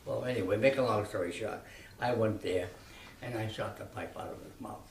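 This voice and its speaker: Brief: old man in his nineties, rough gravelly voice, lively rambling storyteller, distant echoey mic with faint noise. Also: lowish voice, brisk. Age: 90s. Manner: rambling, animated, many restarts. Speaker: interviewee. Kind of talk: reminiscing storytelling.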